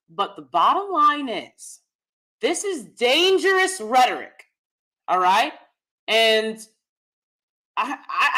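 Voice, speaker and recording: A woman's voice: on the high side, pushed and bright. A woman hosting a live-stream commentary, talking straight to her viewers in an emphatic, chatty way and repeating her key phrases for stress. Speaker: host.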